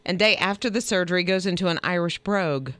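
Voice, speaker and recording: A woman co-hosting a morning radio show, chatting casually and reacting expressively with laughs and quick asides. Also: lowish voice, a bit bright, no echo. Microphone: studio microphone.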